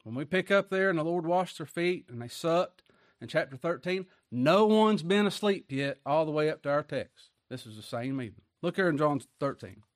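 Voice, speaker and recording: Folksy preacher, dry sound. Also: male voice, fairly high pitch, moderate pace, no room sound. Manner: folksy, colloquial preaching with rhetorical questions. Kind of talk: sermon.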